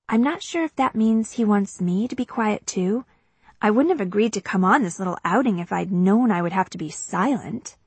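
A woman narrating a first-person audiobook in a conversational, lightly expressive way. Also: mid-range voice, moderate pace, slightly rough, no echo.

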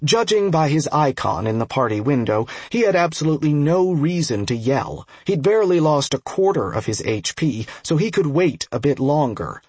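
A man narrating a fantasy game audiobook in a steady, measured reading. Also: a little high, breathy edge, dry recording. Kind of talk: scripted narration.

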